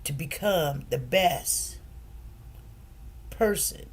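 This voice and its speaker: A middle-aged woman hosting a casual livestream chat. She tells stories with animated, preacherly emphasis and gets quiet and soft when things turn serious. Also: low voice, extremely slow, slightly rough. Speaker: livestream host.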